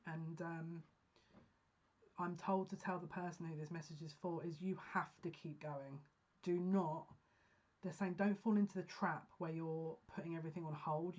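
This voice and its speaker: Female psychic reader, heartfelt halting delivery, lowish voice, muffled lo-fi audio. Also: a little mellow. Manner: earnest, emotional, halting restarts. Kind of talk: pick-a-card reading monologue. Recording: dull lo-fi sound.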